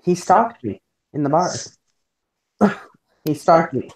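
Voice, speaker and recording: A woman's voice: on the low side, expressive, takes it slowly, darkish tone, husky, no room sound. Woman host, blunt swearing storyteller, laughs a lot, dry close sound. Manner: blunt, profane, laughs often mid-story. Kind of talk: casual storytelling chat.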